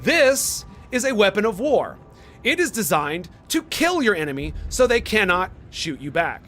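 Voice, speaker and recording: Calm military commander, firm lecturing tone, male, slightly raised voice, as a streamer quotes him. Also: sits high, normal speed, soft background music, voice pushed up, exaggerated voice.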